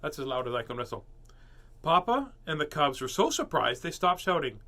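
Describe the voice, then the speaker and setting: A man's voice: fairly high pitch, very animated, brisk, heavy background noise. A man reading a children's storybook aloud, doing playful character voices and joking asides. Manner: playful, jokey asides and puns. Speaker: storybook reader.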